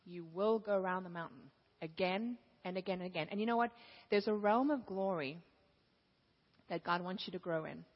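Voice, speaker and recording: Animated woman preacher in an echoey hall. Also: fairly low pitch, normal speed, dull audio. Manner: animated storytelling, laughing. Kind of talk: sermon.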